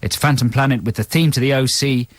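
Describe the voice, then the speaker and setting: A middle-aged man co-hosting a comedy radio show with dry, deadpan teasing. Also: mid-range voice, fast talker, no room sound. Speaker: radio co-host. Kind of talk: comic radio banter.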